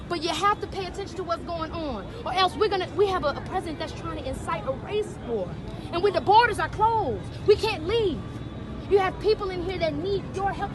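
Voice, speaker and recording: Urgent high-voiced woman rallying a crowd. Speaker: protester. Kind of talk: impassioned protest speech. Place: outdoors at a street protest. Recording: crowded outdoor protest recording.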